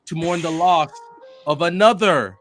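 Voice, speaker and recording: A man putting on a preacher's voice for a mock eulogy, swelling loud and dropping soft in sermon cadence. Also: on the high side, a little slow, over loud music, natural voice. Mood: solemn. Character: adult male preacher delivering a mock eulogy. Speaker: podcast host.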